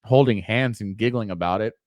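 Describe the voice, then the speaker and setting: A man's voice: lowish voice, fairly quick, dry recording, clean studio sound. A man co-hosting a casual podcast, joking crudely and reading out listener comments. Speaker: podcast co-host. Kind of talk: casual chat.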